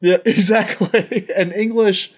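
A man's voice: high voice, steady tone, takes it slowly. A young adult man co-hosting a casual recap podcast, enthusiastic and teasing, laughing often. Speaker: podcast co-host.

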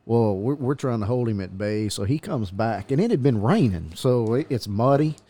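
A man's voice: mid-range voice, lively intonation, normal speed, dark tone, no echo. A police officer telling a meandering anecdote in casual chat, often chuckling as he goes.

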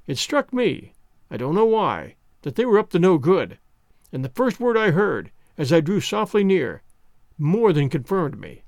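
A man narrating a classic adventure novel in the first person, expressive and storytelling. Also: a little high, no echo, studio quality. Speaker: audiobook narrator.

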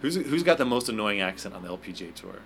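A man's voice: lowish voice, sing-song, fast talker, creaky, a bit bright, soft background music. A man hosting a podcast, chatting casually with dry, sardonic teasing. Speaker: podcast host.

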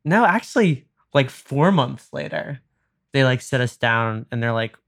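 A young man in his twenties chatting casually and spinning a long personal anecdote. His pitch sits in an ordinary middle range, and he bursts into animated voices whenever he quotes someone. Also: unhurried, vocal fry. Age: 20s. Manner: animated, acts out quoted dialogue with jumps in pitch. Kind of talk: casual storytelling chat.

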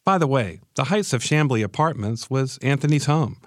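A man giving measured scripted documentary narration. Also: mid-range voice, animated, dry recording, clean studio sound.

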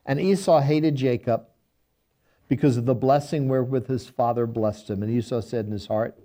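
Mellow-voiced man teaching Bible study. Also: medium pitch, normal speed. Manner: reads scripture aloud, then paraphrases it in folksy everyday speech.

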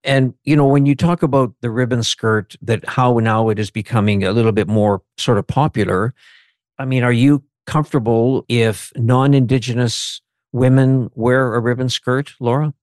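A man's voice: medium pitch, steady tone, moderate pace, darkish tone, dry recording, clean studio sound. A man hosting an interview, asking polite, courteous, slightly rambling questions. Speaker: interviewer, host.

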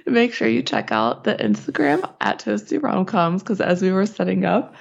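A woman co-hosting a podcast, husky and stuffed up from a sinus infection, chatting casually, swearing and laughing often. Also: on the low side, big pitch swings, measured pace. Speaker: podcast co-host. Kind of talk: casual chat. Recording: dull lo-fi sound.

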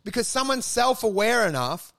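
A man's voice: extremely high pitch, normal speed, no room sound. A man riffing in loose comedy podcast banter, laughing often and slipping into silly voices. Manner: laughing, animated, bursts into silly character voices.

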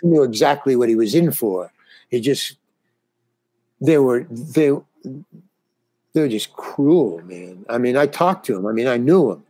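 A man's voice: medium pitch, lively intonation, unhurried, long pauses, warm tone, slightly rough, dry recording. An older man, a comedian, telling stories in a casual interview, rambling with restarts. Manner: rambling, restarts, acts out quoted dialogue. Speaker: comedian guest.

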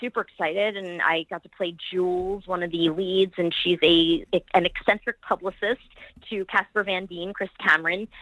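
A woman's voice: lowish voice, steady tone, normal speed, a bit bright, no echo, low-quality recording. A middle-aged woman, an actress and producer, talking about her projects in a podcast interview in an enthusiastic, rambling way, full of praise for her colleagues.

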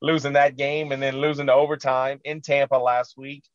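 A man's voice: medium pitch, level tone, normal speed, no echo, dull audio. A man co-hosting a sports radio show, earnestly recapping a football loss with frustration and lots of fillers.

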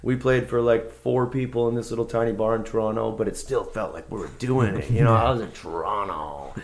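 A man's voice: fairly low pitch, brisk. A man, a guest musician, telling anecdotes in a casual conversation, rambling and laid-back with lots of fillers and restarts.

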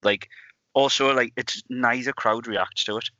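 A man co-hosting a podcast, talking in a casual, animated way with frequent restarts and bursts of laughter. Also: medium pitch, unhurried, dry recording. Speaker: podcast co-host. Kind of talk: casual chat. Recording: dull lo-fi dry sound.

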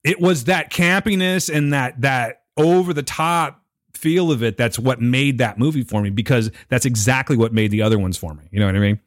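A man's voice: mid-range voice, normal speed, no room sound, studio quality. A middle-aged man co-hosting a podcast, chatting animatedly and often checking that he is understood. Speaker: podcast co-host. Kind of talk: casual chat.

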